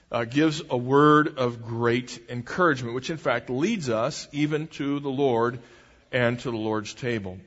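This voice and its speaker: A man's voice: mid-range voice, a bit bright. A pastor preaching a sermon in a church, expounding scripture, quoting passages aloud and shifting his pace for emphasis. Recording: reverberant dull lo-fi hall recording.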